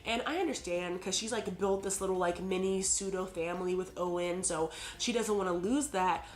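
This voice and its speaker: A woman's voice: on the low side, moderate pace, soft background music. Chatty woman recapping a TV episode. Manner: chatty, heavy on "like" and "you know". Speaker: TV episode reviewer. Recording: roomy echo.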